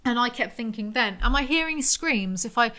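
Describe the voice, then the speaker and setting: A woman talks in a bright, fairly high voice. She rambles through a casual story as a podcast host, animated and quick to poke fun at herself. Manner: rambling, animated, self-mocking.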